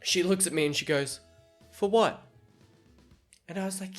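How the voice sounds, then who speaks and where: A man's voice: high voice, normal speed, faint music behind. A man hosting a podcast, telling a work story in casual chat, laughing often and acting out what people said. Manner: animated, laughs often, acts out quoted dialogue. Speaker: podcast host.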